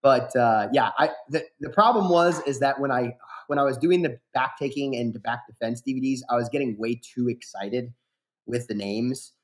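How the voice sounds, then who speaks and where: A man in his thirties, a fighter guest on a podcast, talking in a relaxed, rambling way full of fillers and restarts. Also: mid-range voice, normal speed, slight background noise. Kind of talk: casual podcast interview.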